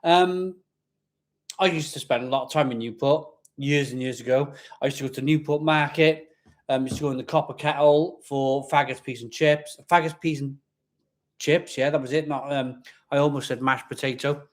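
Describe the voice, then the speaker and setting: A man's voice: medium pitch, steady tone, normal speed. A man from Barry in Wales with a Welsh accent, chatting casually as host of a live stream, rambling and repeating himself, with a slight growl at the back of his voice. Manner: chatty, rambling, reads viewer comments aloud, repeats himself.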